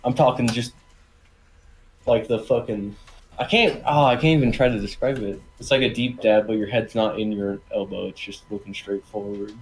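A man playing a tabletop game, talking casually with brash, profane, excited bursts. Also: lowish voice, normal speed, slight background noise, low-quality recording. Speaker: player.

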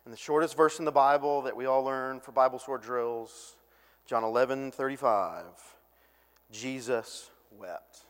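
A man preaching a sermon as a pastor, conversational and animated, acting out voices when he quotes people. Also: on the high side, clean tone, in a large hall.

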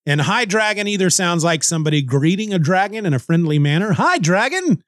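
A man hosting a comic book review podcast, talking casually in a rambling, joking way that thinks out loud. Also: high voice, quick pace, no echo, clean studio sound. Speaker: podcast host.

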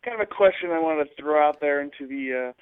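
A man's voice: a little high, fast talker, smooth, dry recording. A man calling in to a podcast, rambling hesitantly with many stumbles and restarts. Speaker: caller. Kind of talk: rambling phone call. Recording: tinny dry phone line.

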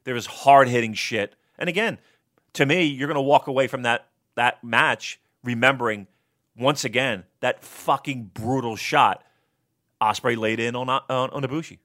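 A man co-hosting a casual review podcast, talking profanely and excitably and working himself up into shouting rants. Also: medium pitch, normal speed. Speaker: wrestling podcast co-host.

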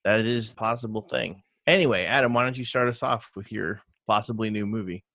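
A man's voice: fairly low pitch, a little fast, a bit bright, dry recording. A man hosting a podcast, leading a casual, jokey discussion about movies. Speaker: podcast host. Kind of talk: casual chat.

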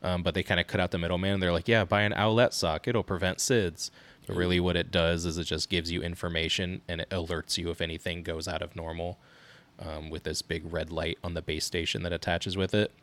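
A man in his thirties, co-hosting a parenting podcast in casual chat, telling animated stories with laughs. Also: deep voice, fast, hardly any pauses. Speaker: podcast co-host.

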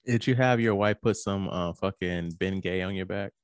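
A man co-hosting a podcast, making points in a casual, swearing way with quick jokes. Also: sits low, dry recording. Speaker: podcast co-host. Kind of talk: casual chat.

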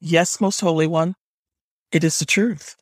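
A frightened young woman acolyte answers her superior with careful respect, as a man reads her. She works to keep her voice steady. The voice is a little high and husky, on a dry recording. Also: a little slow, no room sound. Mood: submissive. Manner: respectful, trying to sound steady.

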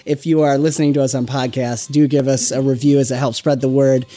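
A game master who says they are still sick and recovering their voice, narrating a tabletop game in halting bursts and then reading the show's outro. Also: medium pitch, little pitch movement, dark tone. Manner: halting, with many fillers and restarts. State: still sick, voice not fully back.

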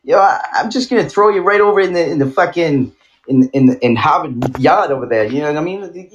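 A man's voice: a little high, expressive, a little fast, muffled recording, a little hiss or hum. Man doing profane mock-tough trash talk. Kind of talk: crude comedic banter while streaming.

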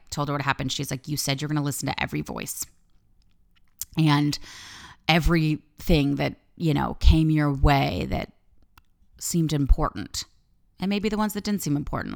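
Low gravelly candid woman storyteller. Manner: candid, swears freely, lively storytelling. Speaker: life coach and podcast host. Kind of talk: personal storytelling monologue.

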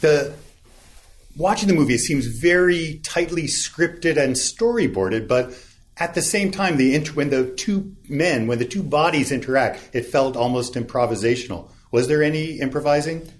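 A man's voice: on the high side, expressive, moderate pace. A man hosting a radio interview, asking conversational questions about a film. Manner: inquisitive, conversational.

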